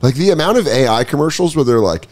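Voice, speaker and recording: A man hosting a comedy podcast, riffing casually and slipping into quick put-on voices for jokes. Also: mid-range voice, expressive. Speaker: podcast host.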